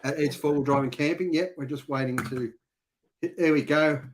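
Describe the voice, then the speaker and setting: Teasing Australian man with a higher voice. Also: normal speed, a little hiss or hum. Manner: teasing, banter-heavy. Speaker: host. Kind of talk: casual live-stream chat.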